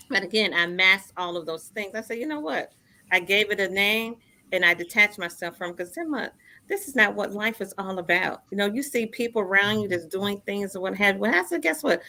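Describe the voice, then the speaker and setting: A woman's voice: medium pitch, normal speed, sharp tone. A woman in her fifties telling her own story as a radio show guest, earnest and repeating phrases for emphasis. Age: 50s. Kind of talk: personal storytelling in a radio interview.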